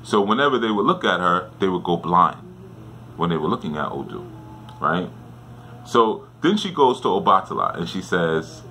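A man's voice: sits low, lively intonation, normal speed, bright, forceful tone, soft background music. A man in a casual storytelling lesson, talking conversationally and often checking in with "right?". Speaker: spiritual teacher.

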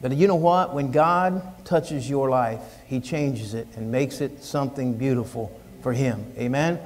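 An American man preaching a sermon from the pulpit in an earnest, folksy manner, sometimes slowing into drawn-out, emphatic lines. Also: mid-range voice. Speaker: pastor. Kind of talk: sermon with a read-aloud poem. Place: church sanctuary, speaking from the pulpit. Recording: long church reverb.

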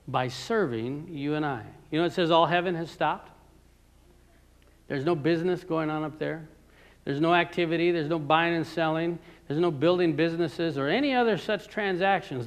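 A man preaching a sermon in a conversational way, asking his listeners questions and moving between loud emphatic lines and quiet ones. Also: a little high. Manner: conversational, asks the audience questions.

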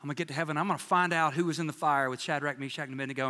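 High, bright-voiced animated pastor. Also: male voice, very fast, big-room sound. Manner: animated, jokey storytelling with playful quoted voices. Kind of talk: sermon. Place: church sanctuary.

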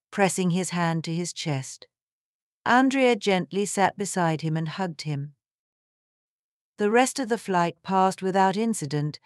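A woman narrating a scripted story in a steady, even way. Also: lowish voice, clean tone, dry recording, studio quality.

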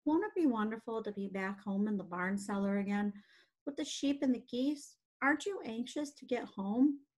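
A woman's voice: a little high, expressive, normal speed, darkish tone, rough recording. A woman voicing a young male pig who is earnest, emotional and pleading, reading aloud from a storybook. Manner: pleading, fervent.

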